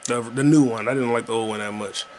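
A man's voice: mid-range voice, steady tone, fast talker, a little mellow, slight background noise. Rambling, profane man chatting casually. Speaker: podcast host playing a video game. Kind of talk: casual gaming commentary.

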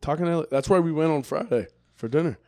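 A man's voice: fairly high pitch, fast, mellow, no room sound, studio quality. A man hosting a podcast in casual chat, joking crudely and swearing freely. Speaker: podcast host. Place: garage.

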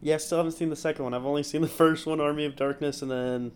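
A man's voice: on the high side, fairly even intonation, fast, darkish tone. A man co-hosting a fighting-game podcast in casual chat, chatty, swearing freely and restarting his sentences. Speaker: podcast co-host.

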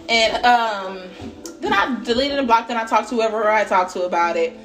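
A woman hosting her podcast at home, telling a casual story in a candid, animated way with frequent swearing and bursts of laughter. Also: fairly high pitch, normal speed, faint music behind. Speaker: podcast host.

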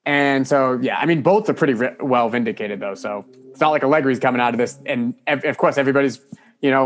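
Man, podcast co-host, mid-pitched voice, casual chat, thoughtful, hedging. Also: fast talker. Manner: easygoing, thoughtful, hedges his answers.

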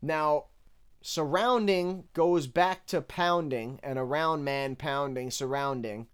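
A man casually breaking down rap lyrics bar by bar, candid and relaxed as he counts the rhymes. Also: a little high, slow pace, smooth. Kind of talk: casual analytical commentary.

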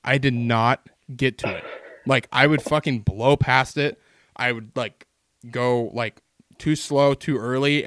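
A man's voice: medium pitch, a bit bright, dry recording, studio quality. A man telling long, rambling stories in casual podcast chat, swearing constantly as he goes.

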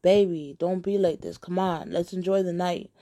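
A woman voicing her young boyfriend, a defensive and dismissive young man, with a flat, offhand, slightly lowered voice. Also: normal speed, close to an everyday voice. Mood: coaxing.

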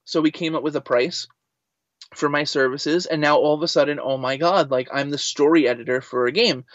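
Man, interview guest, casual animated storytelling, slightly high voice, dry and slightly muffled sound. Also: a little fast, no echo. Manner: animated, lots of filler "like". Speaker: guest, voice actor and writer.

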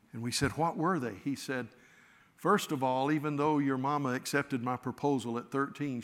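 Bright-voiced preacher in a hall. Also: male voice, mid-range voice. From Florida, US. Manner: folksy storytelling, self-correcting asides. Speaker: pastor. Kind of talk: sermon. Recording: long reverb of a large hall.

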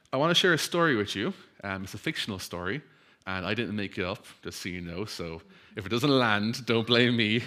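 A male pastor delivering a sermon, telling a story with humor and switching to a quiet, earnest prayer. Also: medium pitch. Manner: storytelling, acts out crowd voices, laughs easily; hushed, slow prayer.

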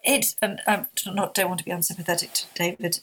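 A woman author, speaking softly and haltingly as a guest in an emotional interview conversation. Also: lowish voice, fairly even intonation, slightly rough. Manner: soft-spoken, halting with many restarts.

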